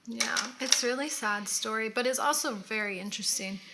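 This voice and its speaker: This is a woman in a relaxed makeup chat, talking with an easygoing, rambling flow. Her voice is bright and clear, and a faint background hiss sits under it. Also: a little high, fairly quick. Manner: chatty, easygoing, trailing off mid-thought. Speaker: co-host. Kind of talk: casual chat while doing makeup.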